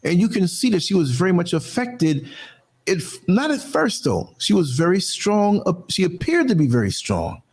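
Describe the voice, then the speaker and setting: A man's voice: big pitch swings, moderate pace, a little mellow, breathy edge. A man hosting his own podcast, talking through a casual, emphatic monologue. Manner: emphatic, conversational, swings pitch widely for stress. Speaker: podcast host.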